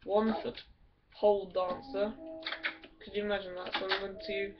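A woman's voice: medium pitch, little pitch movement, normal speed. A woman rambling crudely and giggling through game commentary. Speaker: gamer. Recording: distant dull mic with music.

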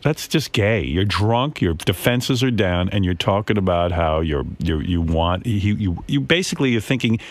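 A man's voice: sits low, lively intonation, normal speed, hardly any pauses, no echo. A man hosting a radio talk show, needling and insistently pressing a co-host. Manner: needling, insistent, mock-prosecuting.

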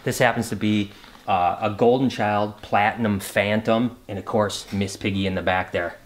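A middle-aged man talking casually to camera as a vlogger host, chatty and excitable, calling his viewers guys. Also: on the low side, normal speed. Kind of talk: casual vlog talk to camera.

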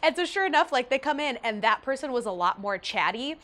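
A young woman vlogger telling a personal story in an animated, emotional way, with big swings in her voice. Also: high-pitched, a little fast. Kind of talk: storytime vlog.

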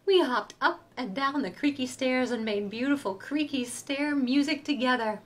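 Woman, picture-book read-aloud, sing-song, expressive, higher voice. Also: normal speed. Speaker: museum educator. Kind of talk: reading a picture book aloud to young children.

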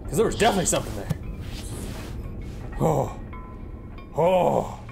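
A man's voice: mid-range voice, animated, normal speed. A man playing a horror game and commentating it, jumpy and exclaiming, joking to his viewers. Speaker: let's play gamer. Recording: game music behind.

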